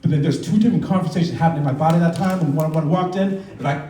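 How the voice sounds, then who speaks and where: A man in his thirties with a rather high, dark-toned voice speaks rapid-fire through a loose, conversational stand-up set on a comedy club stage. He acts out voices while the audience laughs, and the sound is roomy and distant.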